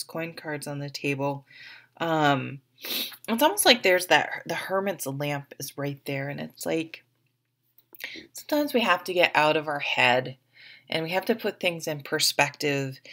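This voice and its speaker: Woman reading tarot cards, casual rambling talk, low gravelly voice. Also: fairly bright tone. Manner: chatty, rambling, with restarts and asides. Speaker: tarot reader.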